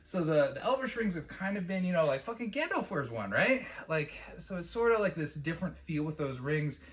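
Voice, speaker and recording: A man's voice: fairly high pitch, big pitch swings, brisk. A man casually reviewing a fantasy TV episode, rambling and profane, with lots of fillers. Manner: rambling and profane, with mocking quoted impressions.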